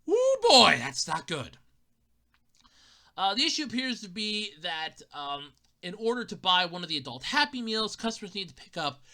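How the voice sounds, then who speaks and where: Lady doing a podcast rant, sarcastic and laughing a lot, super expressive. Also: on the low side. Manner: animated, sarcastic, laughs often. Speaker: podcast host. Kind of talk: casual comedic podcast monologue.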